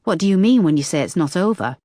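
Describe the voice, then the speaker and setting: A woman reader voicing a female detective chief inspector who asks sharp, urgent questions. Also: on the low side, lively intonation, fast, no echo, studio quality, voice pushed up, close to an everyday voice. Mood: tense.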